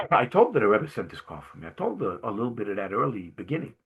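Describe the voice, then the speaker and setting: A middle-aged man from Brooklyn, a jovial, animated guest speaker telling stories to a class and often clearing his throat. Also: mid-range voice, quick pace, muffled recording. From Brooklyn, New York. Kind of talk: storytelling talk to a class.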